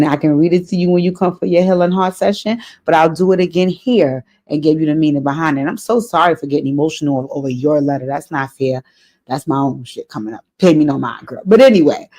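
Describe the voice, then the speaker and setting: A woman's voice: sits low, moderate pace, dark tone. A woman hosting an advice vlog, talking earnestly to a letter writer, often repeating her key phrases and getting emotional. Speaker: advice show host.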